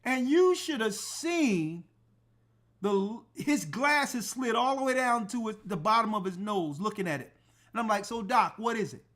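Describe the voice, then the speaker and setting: A man's voice: sits high, a little slow. A man telling a personal story in a casual, emphatic way, acting out the people in it. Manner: animated, emphatic, acts out dialogue. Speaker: church elder and show host.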